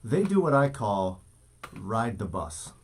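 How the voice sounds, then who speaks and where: A man's voice: lowish voice, sing-song, slow, husky. A man hosting a casual morning show, teasing his co-host and telling stories. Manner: teasing, storytelling.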